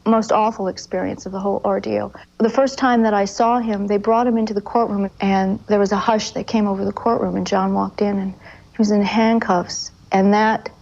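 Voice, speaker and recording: A woman giving an interview and recalling events earnestly, halting and restarting often. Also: mid-range voice, fairly even intonation, gravelly, darkish tone. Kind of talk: emotional recollection in a TV interview. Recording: dull lo-fi 1980s TV audio.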